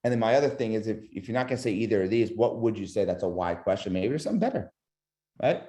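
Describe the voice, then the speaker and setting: In a fairly low voice and at a fast clip, a man coaches webinar attendees on sales calls. He's lively, acts out tonality in demo calls, and asks the audience questions.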